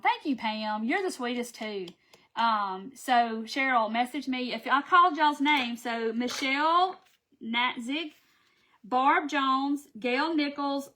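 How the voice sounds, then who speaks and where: A high-pitched woman chats casually through a live craft stream. She is warm toward her viewers and reads their names aloud as she goes. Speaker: craft seller hosting a live video.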